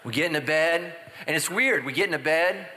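A man preaching a humorous sermon as a pastor, telling stories and swinging from loud high exclamations to quiet confessional asides. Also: brisk, long reverb tail, background noise. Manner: animated, jumps into loud high exclamations and drops to hushed confessions.

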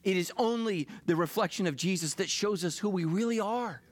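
A middle-aged man delivers a sermon as pastor, his voice sitting somewhat high for a man. He speaks frankly and pokes fun at himself, then rises into fervent preaching. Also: fairly quick. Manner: confessional and self-deprecating, building to impassioned preaching.

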